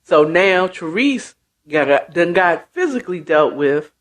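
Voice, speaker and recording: A woman's voice: lowish voice, sing-song. A woman hosting a show and casually retelling a book chapter, chatty with many asides. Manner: slow, chatty, full of asides. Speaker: host. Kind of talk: casual storytelling recap.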